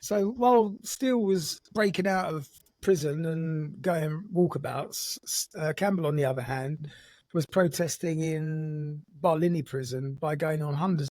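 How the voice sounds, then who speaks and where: A man's voice: fairly high pitch, darkish tone, no room sound. A man co-hosting a podcast, telling a true story in a casual, dry, jokey way. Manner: dry, jokey, puts on gruff voices in quotes.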